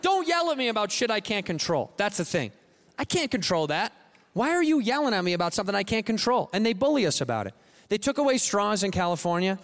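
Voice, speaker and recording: A man's voice: high-pitched, big pitch swings, fast talker. A man in his late thirties doing a profane, mock-outraged stand-up rant in a live venue. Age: late 30s. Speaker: stand-up comedian. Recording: noisy live room ambience.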